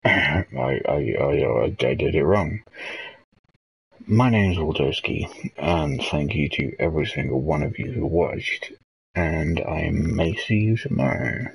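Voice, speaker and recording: A young man winds down a late-night stream in a slow, halting ramble. His voice is deep, gravelly and a little husky. He pauses often and reads viewer messages out loud. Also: animated, rough recording. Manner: rambling, hesitant, reading chat messages aloud. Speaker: livestream host.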